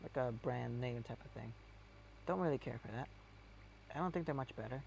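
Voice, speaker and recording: A man's voice: mid-range voice, normal speed, creaky, darkish tone, a little hiss or hum. A man chatting casually while playing a game. He rambles and hesitates, with many fillers. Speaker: game streamer.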